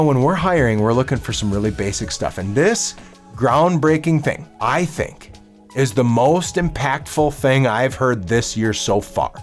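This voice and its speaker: A man giving a solo business coaching talk, upbeat and emphatic, with lively swings in pitch.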